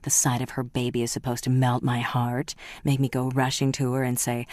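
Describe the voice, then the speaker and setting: Audiobook narrator, female, measured delivery; strikingly deep voice, dry recording. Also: level tone, darkish tone, dry recording.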